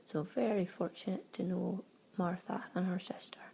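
A woman's voice: lowish voice, steady tone, moderate pace, creaky, dark tone, slight background noise, rough recording. A Scottish woman chatting casually through a travel audio diary, laughing often and acting out little exchanges. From Scotland. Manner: chatty, laughing, breaks into quoted exclamations. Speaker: audio diarist.

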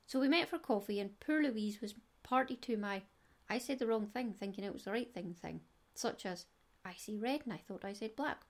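A woman's voice: mid-range voice, moderate pace, hardly any pauses. A middle-aged Scottish woman hosting a knitting podcast, chatty and digressive with giggles. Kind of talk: casual solo podcast chat.

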